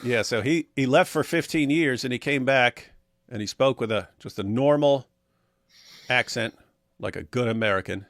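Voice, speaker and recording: A man's voice: mid-range voice, moderate pace, a bit bright, no echo, studio quality. A middle-aged man co-hosting a casual apologetics live stream, reading viewer comments aloud with sarcasm and laughter. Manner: sarcastic, mocks comments with exaggerated voices and laughs. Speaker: co-host of an apologetics talk stream.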